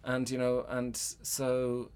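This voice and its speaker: A man's voice: medium pitch, monotone, slow pace, darkish tone, clear, resonant tone. Rambling Irish man, full of fillers. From Ireland. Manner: rambling, many fillers and restarts, swears freely. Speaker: guest playwright. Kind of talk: casual conversation.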